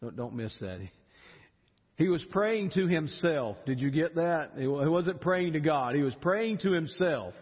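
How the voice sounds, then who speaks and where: A husky-voiced man preaches with wide swings of pitch, now rising high with feeling, now dropping low and quiet. His voice rings out through a large church with a long reverb, and the sound is dull and muffled. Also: moderate pace, hardly any pauses. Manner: animated, emotional, repeats words when stirred. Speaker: pastor. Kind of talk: sermon. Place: church sanctuary.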